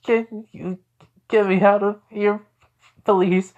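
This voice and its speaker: A whiny young boy, loud and eager, pitched high above the speaker's normal voice, as a man puts him on. The recording is dull and lo-fi. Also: level tone, takes it slowly.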